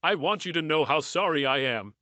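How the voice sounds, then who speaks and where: A woman's voice: low voice, animated, a little fast, pushed and bright, no echo. A man reading the lines of a remorseful unfaithful wife, speaking in a pleading, apologetic way.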